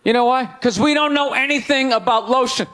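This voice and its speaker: High-voiced man ranting on stage. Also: brisk, slight background noise. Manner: loud, incredulous ranting. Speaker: stand-up comedian. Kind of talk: stand-up comedy.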